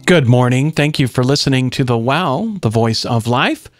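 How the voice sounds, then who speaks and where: A man's voice: mid-range voice, animated, normal speed, dry recording, soft background music. Male radio host with a dry voice. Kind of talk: radio station announcement.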